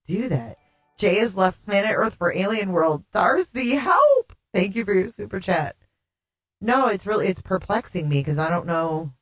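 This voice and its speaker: Chatty woman streamer with warbly echoey sound. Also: deep voice. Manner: chatty, reads viewer comments aloud, laughs often. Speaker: livestream host. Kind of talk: casual livestream chat.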